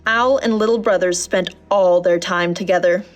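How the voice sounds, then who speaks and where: A woman narrating a children's storybook in a gentle, measured reading voice. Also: fairly low pitch, fairly even intonation, muffled recording, soft background music.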